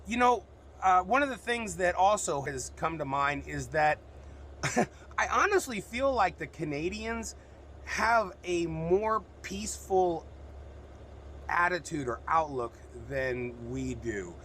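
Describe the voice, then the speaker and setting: A man's voice: sits high, animated, slow, fairly bright tone, slight background noise. A man from the United States, a truck driver, talking frankly and rambling in a casual vlog, with plenty of cussing. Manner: frank, rambling, cusses freely.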